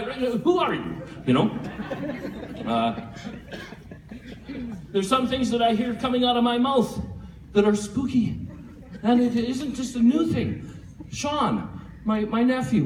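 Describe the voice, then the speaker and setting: A man giving a humorous eulogy for his father at a church memorial, a lively storyteller who chuckles often. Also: high-pitched. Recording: echoey hall from far off with faint room noise.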